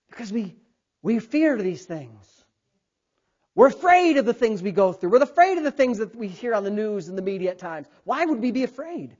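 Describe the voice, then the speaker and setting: This pastor, a man in his thirties, speaks at a normal speed in a high-pitched voice. His sermon is animated: he performs voices, including God's, and prompts the congregation for responses, all captured with dull lo-fi sound.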